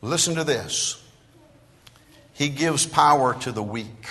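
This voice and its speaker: A man preaching a sermon in a church, moving between quiet, conversational asides and loud, emphatic declarations. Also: medium pitch, slow pace. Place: church sanctuary. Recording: long hall reverb.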